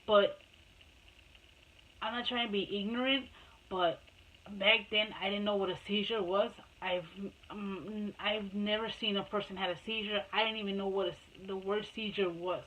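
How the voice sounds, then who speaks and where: A woman's voice: mid-range voice, steady tone, normal speed, fairly bright tone, highs cut off, slight background noise. Casual storyteller, a woman who rambles and restarts a lot, mixes in spanish. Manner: switches between Spanish and English. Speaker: mother telling her life story.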